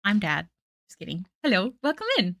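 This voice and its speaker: A woman's voice: mid-range voice, big pitch swings, a little fast, fairly bright tone, no room sound. A young woman chatting casually with her stream while she draws, rambling and self-deprecating as she reads chat aloud at night. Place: home room at night. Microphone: desk mic.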